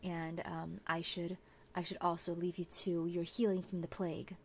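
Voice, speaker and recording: A woman voicing a humble, devoted knight in a whispered role-play, speaking softly in formal, courtly address. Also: on the low side, level tone, moderate pace, slight background noise, natural voice. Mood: apologetic. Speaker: streamer.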